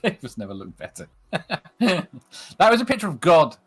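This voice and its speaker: A man's voice: a little high, huge pitch swings, moderate pace, slightly rough, faint music behind. A young man joining a casual chat as a guest, dry in tone and laughing off complaints. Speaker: guest filling in.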